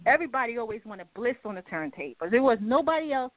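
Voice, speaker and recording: A woman guest on a talk radio show, telling stories in a chatty, laughing way, stretching some words out slowly. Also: on the high side, big pitch swings. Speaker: guest, music company head. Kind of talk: casual radio chat. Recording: phone-line audio.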